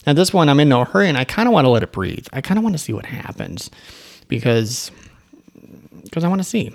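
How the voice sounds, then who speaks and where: A man's voice: mid-range voice, very animated, fast talker, creaky. A man who owns an agency, telling a story in a casual, rambling way with asides and restarts. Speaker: agency owner.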